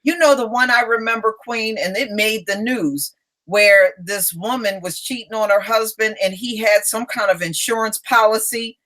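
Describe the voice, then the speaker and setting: Chatty woman host, slightly high voice. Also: normal speed, fairly bright tone. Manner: chatty, encouraging listener with frequent affirmations. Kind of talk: casual chat.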